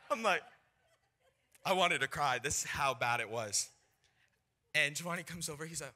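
A young man preaching, telling a personal testimony in an animated storytelling way and acting out the voices of people in his story. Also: a little high, moderate pace, pauses often. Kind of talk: sermon testimony.

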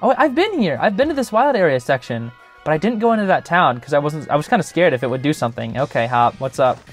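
A man's voice: on the high side, big pitch swings, quick pace, soft background music. A young man hosting a gaming channel, giving chatty, joking gameplay commentary full of filler words.

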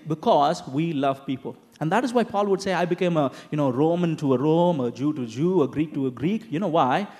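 Male preacher, high voice, animated sermon, conversational asides, rhetorical questions. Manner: conversational, animated preaching with frequent "you know" and "okay?".

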